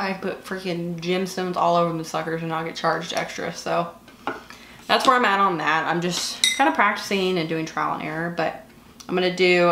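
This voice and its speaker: A woman's voice: lowish voice, fairly bright tone, slight background noise. A woman in her twenties with a Southern US accent, chatting casually and gushing while doing her makeup, with lots of fillers. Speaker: beauty vlogger. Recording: echoey room.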